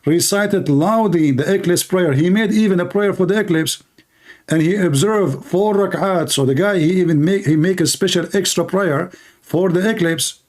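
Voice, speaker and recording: A man's voice: sits high, moderate pace, a little mellow. Blunt man with an Arabic first language. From Middle East. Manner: blunt, mocking, repeats his questions. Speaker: host of a live-stream debate show. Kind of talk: combative live-stream debate.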